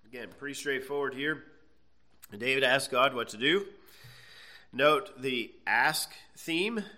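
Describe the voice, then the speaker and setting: Bible teacher, male, bright forceful tone, reads verses then unpacks them casually for the class. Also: mid-range voice, slow. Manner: conversational, checks in with frequent "okay"; reads scripture aloud then explains.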